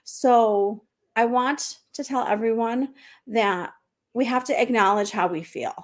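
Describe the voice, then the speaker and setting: A middle-aged woman hosting a casual group video chat, chatty, animated and laughing often as she tells stories. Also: fairly high pitch, unhurried. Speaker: host.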